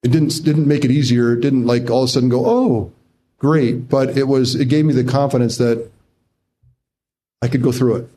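A man's voice: flat delivery, a little fast, dark tone, a little hiss or hum. Emotional man telling a personal story. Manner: emotional, restarts often, rising into high pitch when reliving moments. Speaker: interview guest.

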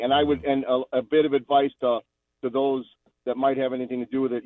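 Mad guy ranting on a call-in, sarcastic, mid pitch, thin phone sound. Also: dry recording. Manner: angry, sarcastic, repetitive. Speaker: caller. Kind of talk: call-in radio rant. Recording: tinny phone line.

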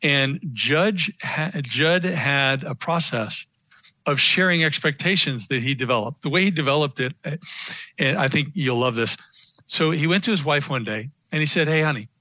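A man's voice: on the high side, normal speed, dry recording, muffled recording. A man, a business consultant, speaking as a guest in a radio interview, telling stories and acting out what people said. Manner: animated storytelling, acts out quotes.

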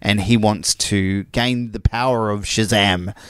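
A man's voice: fairly low pitch, fairly even intonation, unhurried, fairly bright tone, smooth, no echo. Dry-sounding man, rambling. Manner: joking, rambling with fillers. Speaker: podcast co-host. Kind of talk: casual chat.

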